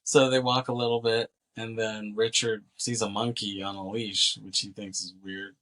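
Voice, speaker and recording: Low-voiced man recapping a movie. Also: normal speed. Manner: animated retelling, acting out lines with swearing and laughs. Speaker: podcast co-host. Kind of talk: casual movie recap chat.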